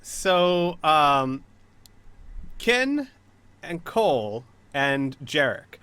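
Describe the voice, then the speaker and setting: A man's voice: fairly high pitch, very animated, drawn-out words, pushed and bright, clear, resonant tone, no room sound. A man running a tabletop game as game master, narrating with frequent hesitations and fillers.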